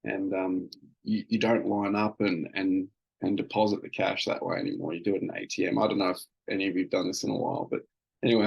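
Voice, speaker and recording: A man's voice: on the low side, vocal fry, husky, poor audio. A man hosting a casual solo podcast, telling an everyday story in a rambling, self-amused way with plenty of fillers and restarts. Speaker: podcast host.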